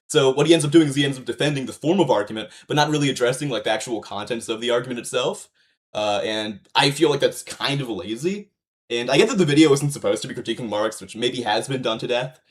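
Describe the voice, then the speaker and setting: A man streams live and reacts to a video, talking loosely and profanely. He rambles through fillers and false starts in a mid-range voice. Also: medium pitch. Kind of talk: casual livestream commentary.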